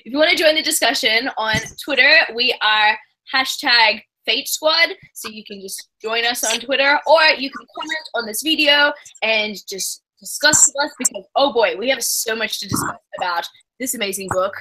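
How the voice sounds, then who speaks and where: Bright-voiced woman, book-stream host, giggly, rambly, lots of ums. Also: a little high, moderate pace, rough recording. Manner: giggly, rambling with many fillers. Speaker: host of a book discussion livestream. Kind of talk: casual chat.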